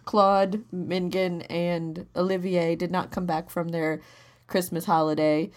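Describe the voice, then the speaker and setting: A woman's voice: on the low side, little pitch movement, a little slow. A woman co-hosts a podcast in casual chat. She explains earnestly and at length, restarting her sentences often. She answers her partner's jokes with dry, mild exasperation. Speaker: podcast co-host.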